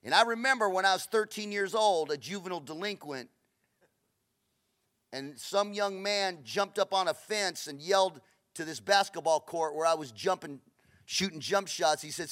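A middle-aged man from Los Angeles, a pastor preaching a passionate, storytelling sermon that swings between loud bursts and hushed asides. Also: sits high, normal speed.

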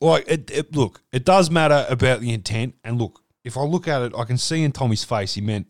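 An Australian man gives blunt, sweary opinions in a casual sports chat, at a mid pitch. His voice sounds dry and close, with no room around it. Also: a little fast, few pauses, dry recording. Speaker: podcast co-host.

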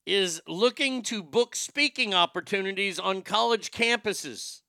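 A man hosting a show, ranting in a profane, comedic way and swinging from shouting to muttering. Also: sits high, measured pace, vocal fry, dry recording, clean studio sound. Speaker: show host.

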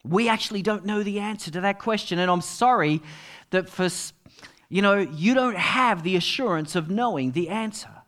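A middle-aged man preaching a sermon as pastor, telling stories and dropping to quiet asides. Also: high-pitched, normal speed. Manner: storytelling, with dramatic drops to quiet asides.

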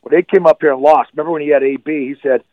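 A man speaking as a guest football analyst on a radio show, giving blunt and animated opinions over a remote line. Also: a little high, racing, no room sound. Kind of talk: casual sports radio chat. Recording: dull lo-fi line, dry.

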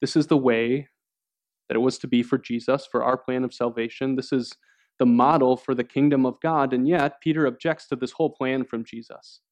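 A man's voice: steady tone, moderate pace, a little mellow. Man preaching an earnest sermon. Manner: earnest preaching, acts out quoted voices with rising pitch. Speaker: pastor.

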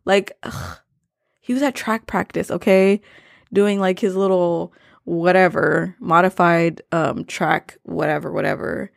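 Gravelly-voiced young woman podcaster. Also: lowish voice, normal speed, no echo, clean studio sound. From Maryland, US. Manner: rambling, slangy and profane, drifting off topic. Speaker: podcast host. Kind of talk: casual solo podcast chat.

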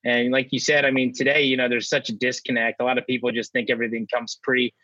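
A man's voice: mid-range voice, flat delivery, fast, pushed and bright, no echo. A man hosting a casual podcast chat, easygoing and full of "you know" fillers. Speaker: podcast host. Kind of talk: casual conversation. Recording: dull dry lo-fi sound.

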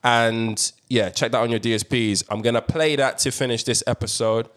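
A man's voice: medium pitch, moderate pace. A young man hosting a podcast, chatting casually and swearing freely. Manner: slangy, animated, swears freely. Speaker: podcast host. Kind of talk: casual chat.

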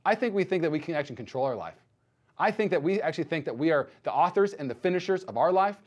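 A man in his thirties preaching a sermon as pastor, telling a personal story with animated acted-out dialogue. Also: a little high, fast talker, lo-fi sound. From United States. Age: 30s. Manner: animated storytelling, acts out quoted voices.

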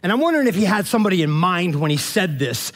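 Man, pastor, high voice, casual sermon, slangy, chatty, loose restarts. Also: sing-song, fast talker, fairly bright tone.

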